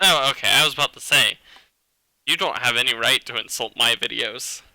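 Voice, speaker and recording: A man's voice: mid-range voice, a little fast, vocal fry, noisy background. A man streaming a game live, chatting casually and reacting to chat and game music. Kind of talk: casual live gameplay commentary. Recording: game music playing behind.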